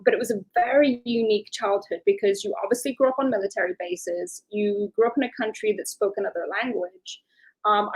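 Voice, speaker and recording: A woman's voice: medium pitch, gravelly, husky, rough recording. A woman with a Belfast Northern Irish accent, speaking as a talkative guest in an interview and giving long, flowing explanations. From Northern Ireland. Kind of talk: interview conversation.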